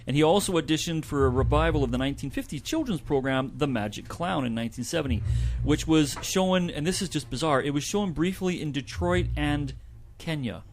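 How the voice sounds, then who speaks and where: A man's voice: a little high, animated, a little fast, few pauses. A man co-hosting a community radio show, reading a report aloud with light asides. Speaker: co-host presenting a report.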